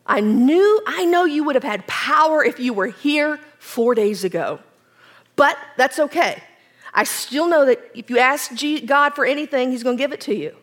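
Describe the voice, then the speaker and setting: A woman preacher voicing a talkative, earnest biblical woman in a retold scripture scene, speaking up higher and louder than her own voice. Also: animated, moderate pace.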